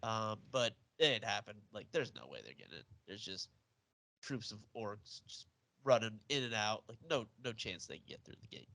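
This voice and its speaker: A man's voice: on the low side, expressive, moderate pace, gravelly, sharp tone. A man hosting a podcast, recapping a film in sarcastic, jokey casual chat. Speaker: podcast host.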